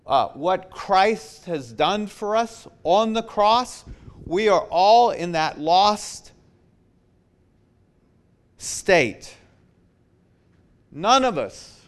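A man preaching a sermon, slow and emphatic, repeating his key phrases. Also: on the high side.

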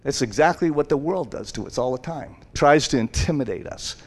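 A man's voice: medium pitch, lively intonation, fairly quick. A man preaching an informal sermon in a rambling, conversational way, full of fillers, acting out the quotes. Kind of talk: informal sermon retelling a Bible story.

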